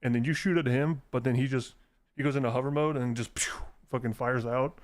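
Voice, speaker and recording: A man live-streaming a video game, ranting in an animated, exasperated way with lots of swearing, then muttering through menus. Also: medium pitch, fairly quick. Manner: mutters menu choices under his breath while playing. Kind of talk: casual live-stream gameplay commentary.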